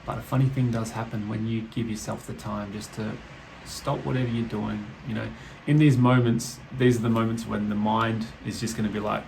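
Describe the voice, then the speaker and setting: A man hosting a reflective solo podcast, talking slowly and thoughtfully, swearing casually, indoors with heavy rain outside. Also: on the low side, flat delivery, gravelly, a little mellow, a little hiss or hum, rough recording. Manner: slow, musing, swears casually. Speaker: podcast host. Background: rain ambience.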